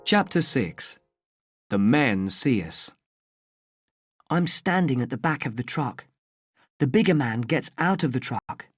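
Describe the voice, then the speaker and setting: A woman reading a first-person children's story aloud, clearly and carefully, for language learners. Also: a bass voice, lively intonation, takes it slowly, long pauses, faint music behind. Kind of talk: slow graded-reader story narration.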